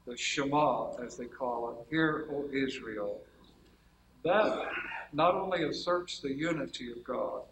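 This medium-pitched man speaks unhurriedly with vocal fry and a fairly bright tone, methodically presenting numbered points in a lecture-style Bible talk to a gathering and often correcting himself. The poor audio has an echoey room sound and slight hiss or hum.

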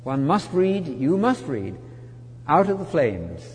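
A man teaching a Bible study sermon, emphatic, with rhetorical questions and wide swings from loud to soft. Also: a little high, sing-song, slow pace, a little hiss or hum. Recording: long hall reverb.

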